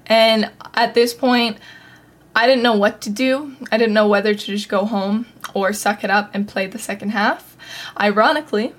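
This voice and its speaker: A woman's voice: mid-range voice, moderate pace, a bit bright. Chatty young woman podcast host. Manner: chatty, frequent "like" and "um" fillers. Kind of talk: casual storytelling.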